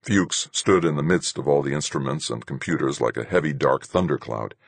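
A man narrating a first-person story in a measured, even storytelling voice. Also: extremely low pitch, creaky, breathy edge, dry recording. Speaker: audiobook narrator.

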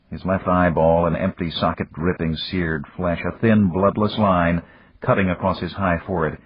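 Deep husky male audiobook narrator. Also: no echo, lo-fi sound. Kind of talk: scripted narration.

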